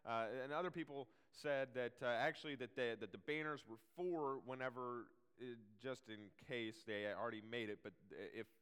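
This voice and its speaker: A man's voice: medium pitch, a bit bright, clear, resonant tone, in a large hall. A man preaching a sermon in a casual, chatty way, full of fillers and restarts.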